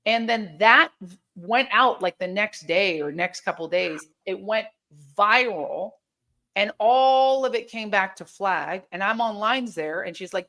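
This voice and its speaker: A woman speaks as an interview guest, with a voice of middling pitch. She tells her story candidly and emphatically. She stumbles into restarts and acts out what others said. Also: normal speed. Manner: animated, emphatic, frequent restarts and quoted dialogue.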